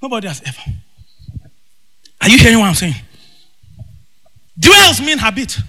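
A man preaching a fervent sermon, shouting in bursts and breaking into tongues. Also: very high voice, very animated, moderate pace. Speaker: pastor. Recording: long reverb with faint music.

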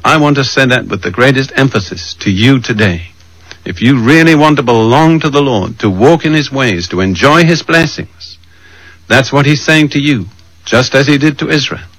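A man preaching a sermon, measured and emphatic, slowing down to read scripture verses aloud. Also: mid-range voice, lively intonation, a bit bright, no room sound, rough recording.

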